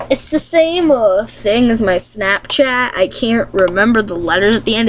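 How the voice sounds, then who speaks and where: A woman vlogger chatting casually to viewers while playing a game, reading questions aloud quickly, answering them and laughing often. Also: mid-range voice, a little hiss or hum, poor audio.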